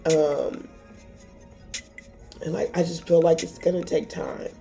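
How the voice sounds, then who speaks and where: A woman's voice: lowish voice, level tone, slow pace, dark tone, soft background music. A woman giving a casual tarot reading to camera, emotional and encouraging, swearing freely. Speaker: tarot reader.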